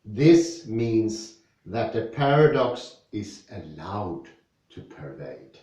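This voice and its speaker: A man from Sweden with a Swedish accent, discussing philosophy, reading passages aloud and then explaining them slowly and thoughtfully with personal examples. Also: on the low side, big pitch swings, warm tone, heavy reverb, recorded from a distance.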